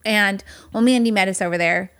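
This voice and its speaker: A woman's voice: mid-range voice, fairly quick, fairly bright tone, clean tone. A woman co-hosting a podcast in casual chat, laughing often and reacting with short quips. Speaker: podcast co-host.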